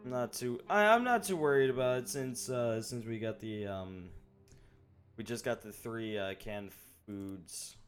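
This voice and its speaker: A man streaming live gameplay, chatting loosely and thinking out loud, with some swearing. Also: medium pitch, a little slow, faint music behind. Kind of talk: casual live gameplay commentary.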